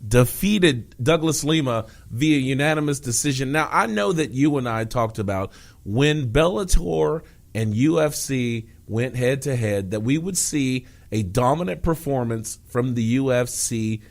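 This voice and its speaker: A man co-hosting a combat sports talk podcast with a lively, swinging pitch. He talks fast in bursts and laughs often, keeping the chat casual. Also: gravelly. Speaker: podcast co-host.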